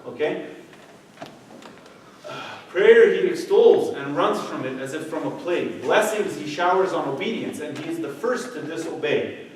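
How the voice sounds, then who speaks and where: A middle-aged man gives a conversational church youth talk, often checking in with his listeners. His fairly high voice comes from a distance in a very echoey hall with faint noise underneath. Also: lively intonation, measured pace. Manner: conversational, keeps asking "okay?". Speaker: youth speaker. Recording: echoey room, voice from far off.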